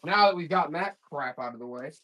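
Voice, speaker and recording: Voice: lively intonation, fast talker, a bit bright. A live online auction seller doing comic, exasperated hype, repeating offers and pleading with the audience. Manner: repetitive, urgent pitch talk. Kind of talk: live selling stream patter.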